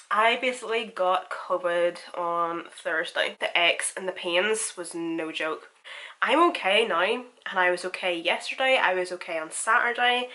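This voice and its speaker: A woman's voice: fairly low pitch, pushed and bright, rough recording. A woman in her twenties with a sick, nasal voice, chatting and laughing often through a makeup tutorial. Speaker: makeup vlogger. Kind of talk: casual makeup tutorial chat.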